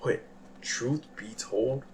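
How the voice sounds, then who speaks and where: A young man talking in a casual, rambling monologue that is self-deprecating and jumps from quiet musing to loud outbursts. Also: mid-range voice, takes it slowly, distant mic, slight background noise. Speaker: vlogger. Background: background music.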